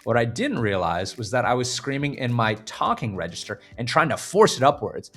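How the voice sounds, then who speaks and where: A man with a slightly husky voice coaching beginners through scream technique, his pitch moving up and down as he explains. He lays out each point plainly in a lesson over faint music in the background. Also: very animated, moderate pace, a bit bright. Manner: explains clearly, breaks into short scream demonstrations. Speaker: vocal coach. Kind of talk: instructional video lesson.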